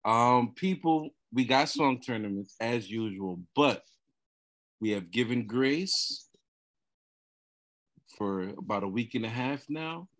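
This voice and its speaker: A man hosting a podcast in casual chat, lively and teasing, laughing often. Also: medium pitch, slow pace, pauses often. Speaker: podcast host.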